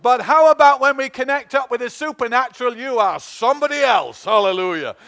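A man with a high voice and a Northern English accent preaches to a congregation. He urges them on with call-and-response prompts and pauses on fillers between his points. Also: lively intonation, a bit bright. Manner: exhorting congregation, many fillers and call-outs. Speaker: pastor. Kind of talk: sermon.

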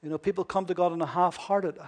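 A man preaching a sermon with emphasis, asking rhetorical questions and swinging between loud and hushed delivery. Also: high-pitched, steady tone, quick pace.

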